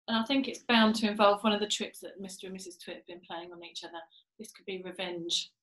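A woman reads a children's storybook aloud in an expressive, lively manner. Her voice is fairly high and swings up and down, and the recording has a roomy echo. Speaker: reader of a children's book.

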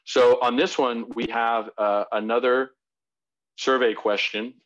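A man's voice: mid-range voice, fairly even intonation, measured pace. A man giving a live online presentation in a conversational way, with frequent fillers and restarts. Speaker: webinar presenter. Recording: dull lo-fi web audio.

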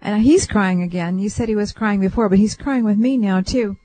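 Soothing woman with a mellow voice. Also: mid-range voice, fairly quick, no room sound, rough recording. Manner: gentle, reassuring, relays what she senses in layers. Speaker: psychic radio host. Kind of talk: soothing call-in reading. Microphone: radio studio mic.

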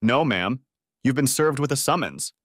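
A calm male deputy speaks in measured, firm tones, keeping a lid on things, as a narrator plays him. The storybook voice is lively. It sounds close and dry. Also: mid-range voice, no room sound, close to an everyday voice.

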